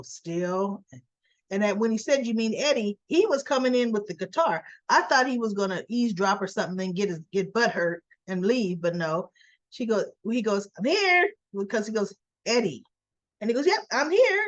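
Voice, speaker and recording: A woman's voice: medium pitch, no echo, lo-fi sound. A woman hosting a soap opera recap, casually retelling scenes and acting out the characters' quotes.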